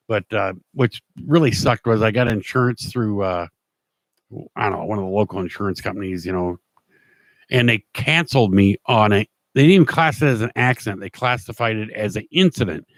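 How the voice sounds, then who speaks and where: A man's voice: mid-range voice, no room sound. A middle-aged man hosting his own show, telling a personal story in a rambling, plain-spoken way with many restarts. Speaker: show host. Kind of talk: casual storytelling monologue.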